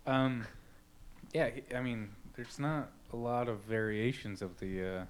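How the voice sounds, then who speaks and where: A man's voice: medium pitch, unhurried, a little hiss or hum. A man chatting casually and joking with friends, laid-back, with many filler words. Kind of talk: casual chat.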